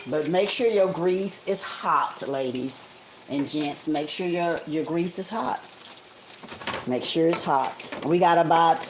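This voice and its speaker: Woman host of a home cooking livestream, lowish voice, chatty and homey, faint sizzle of frying behind. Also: darkish tone, slight background noise, poor audio. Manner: chatty and homey, calls viewers honey and guys. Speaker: home cook streaming live. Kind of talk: casual live cooking demonstration. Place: home kitchen, frying on the stove.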